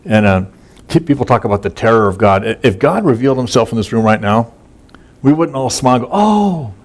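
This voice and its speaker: A man's voice: mid-range voice, quick pace. A man preaching a conversational sermon that is casual and folksy, with many fillers and repeated words. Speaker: pastor. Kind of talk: sermon, conversational Bible teaching.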